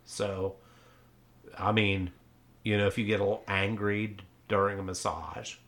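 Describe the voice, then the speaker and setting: Bright-voiced man, mock-earnest co-host. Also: fairly low pitch, little pitch movement, a little slow. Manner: mock-earnest, keeps agreeing, swears freely. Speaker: podcast co-host. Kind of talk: deadpan satirical chat.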